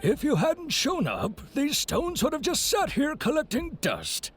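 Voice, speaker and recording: A man's voice: extremely high pitch, wildly swooping pitch, a little slow, faint music behind, full character voice. An actor playing a friendly, chatty older male merchant who tells stories in a folksy way in a video game. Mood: genial.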